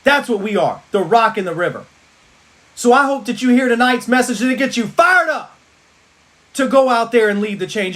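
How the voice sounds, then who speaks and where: A man giving an energetic motivational pep talk to his team on a livestream, repeating rallying lines like a preacher. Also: very high-pitched.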